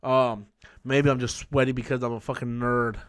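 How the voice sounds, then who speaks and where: A man hosting a live-stream chat from a small room under studio lights, excitable and profane, humming movie sound effects as he talks. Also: mid-range voice, moderate pace, clear, resonant tone. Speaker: YouTube host.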